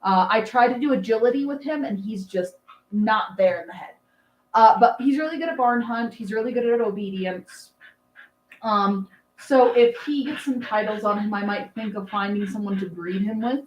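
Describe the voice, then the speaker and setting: A woman's voice: medium pitch, moderate pace, reverberant. A woman in her thirties chatting casually on a livestream, rambling with fillers and laughs, doting on her dog. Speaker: livestream host.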